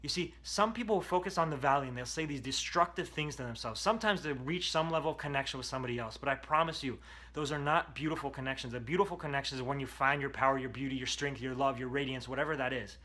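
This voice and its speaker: Male self-help coach, emphatic motivational delivery, bright tone. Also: medium pitch, fast talker. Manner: emphatic, coaching, repeats key phrases. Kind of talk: motivational talk to camera.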